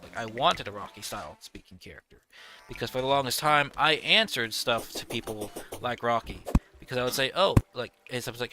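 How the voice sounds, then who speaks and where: A man's voice: mid-range voice, lively intonation, brisk. A young man rambling through casual gameplay commentary, telling stories animatedly and laughing as he goes. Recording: noisy home recording.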